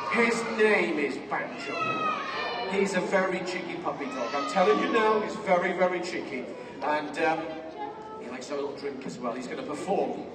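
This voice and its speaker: A man's voice: on the high side, recorded from a distance, heavy background noise. A man performing a playful children's magic show on stage, joking with a young helper and yelping in mock pain. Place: large theatre stage before a crowd. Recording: roomy hall with loud crowd, miked from afar.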